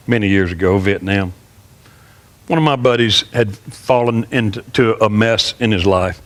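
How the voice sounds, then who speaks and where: A man in his sixties, a pastor, telling an earnest story in a sermon, halting and often repeating himself. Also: on the low side. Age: 60s.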